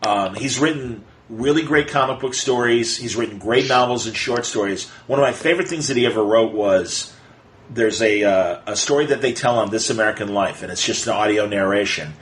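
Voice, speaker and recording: A man co-hosting a casual podcast chat, talking quickly and with energy, and slipping into playful voices when he quotes people. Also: lowish voice, a little hiss or hum, low-quality recording. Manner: animated, fast retelling with playful quoted voices. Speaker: podcast co-host.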